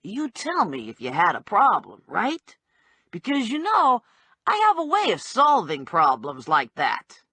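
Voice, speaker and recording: A pushy, streetwise middle-aged bookie, played by a woman narrator. He talks bluntly and nosily with a slightly breathy, unhurried delivery. His pitch swings widely from line to line. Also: huge pitch swings, bright, forceful tone, exaggerated voice. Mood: nosy.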